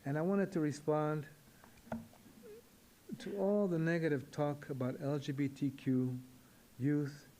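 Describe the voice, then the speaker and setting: An older man speaking to an audience with a mellow, dark-toned voice pitched a touch high. He muses and repeats words as he goes, halting and reflective like a poet telling stories. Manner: halting, repetitive, musing. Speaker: poet giving a public talk. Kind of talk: reflective storytelling talk to an audience.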